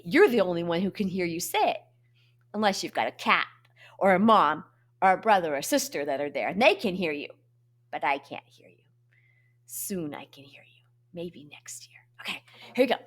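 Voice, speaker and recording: A woman music teacher giving a lesson to young children, talking in an animated way and swooping between high and low voices.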